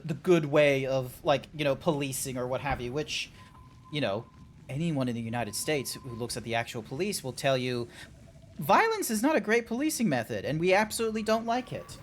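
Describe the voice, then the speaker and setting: With a faint hiss or hum on the recording and music behind him, a man streaming a game chats loosely, rambling through fillers and restarts. His voice leans high, with lively intonation at a moderate pace.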